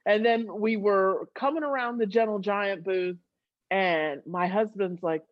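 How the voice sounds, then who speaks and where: A woman in her thirties, a guest on a podcast, telling a story with lots of laughter and high excited squeals. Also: a little slow, no room sound, dull audio. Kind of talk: casual storytelling.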